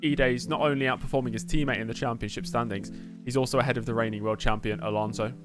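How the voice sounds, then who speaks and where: A man's voice: medium pitch, steady tone, quick pace, over music. A man streaming live gameplay of a racing game, chatting and joking as he answers messages from his chat.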